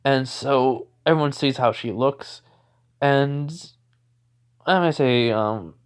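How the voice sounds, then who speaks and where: A man's voice: medium pitch, slow, clean tone. Rambling male fan-story narrator. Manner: rambling, many fillers and restarts. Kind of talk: improvised fan-fiction storytelling.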